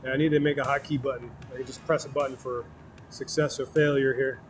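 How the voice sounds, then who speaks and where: A man from Wisconsin with a Wisconsin accent, chatting casually while he works at glassblowing on a livestream, relaxed and quick to laugh. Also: medium pitch, faint music behind. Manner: relaxed, laughs often, chats while working. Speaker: glassblower streaming his work. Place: glassblowing studio.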